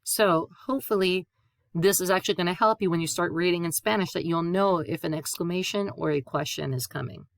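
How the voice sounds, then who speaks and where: A woman teaching a Spanish lesson, patiently spelling out letters and repeating sounds clearly. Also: fairly low pitch, fairly quick, no room sound, clean studio sound. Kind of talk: classroom lesson.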